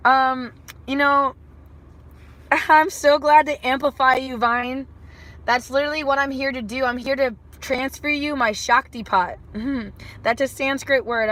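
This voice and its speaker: A woman's voice: on the high side, fairly bright tone. A woman hosting a casual live chat from her phone, rambling and playful as she reads comments, first in a car and then at home. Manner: rambling, playful, drifts between topics. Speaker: livestream host.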